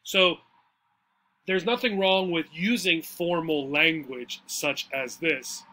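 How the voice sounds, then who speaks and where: A man's voice: a little high, slow, pushed and bright, slight background noise. A man teaching English, walking through a textbook dialogue in a chatty way and often checking in with "right?" and "okay?".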